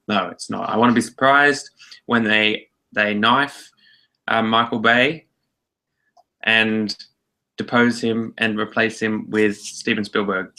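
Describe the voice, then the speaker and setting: Bright-voiced Aussie film podcaster. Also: male voice, lowish voice. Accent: Australian. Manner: rambling, hedging, dry joking. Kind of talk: casual chat.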